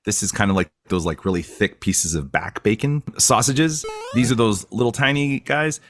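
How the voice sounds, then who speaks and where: A man's voice: lowish voice, lively intonation, normal speed, a little hiss or hum. A man co-hosting a podcast, chatting casually and rambling with lots of fillers. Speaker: podcast co-host.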